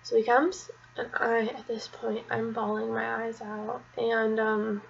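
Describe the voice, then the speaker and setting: A young woman vlogger tells a personal story to camera, rambling and chatty, dropping to a whisper at the painful parts. Her voice is slightly high, husky, with vocal fry and little pitch movement, and she speaks unhurriedly; the recording's highs are cut off.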